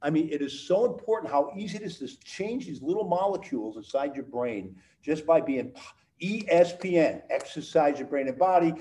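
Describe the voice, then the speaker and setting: An older man in his sixties, chatting as a guest on a podcast. He rambles with eager enthusiasm and repeats key words again and again for emphasis. His voice sits a little high for a man. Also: expressive, brisk, mellow, low-quality recording. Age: 60s. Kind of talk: casual interview chat.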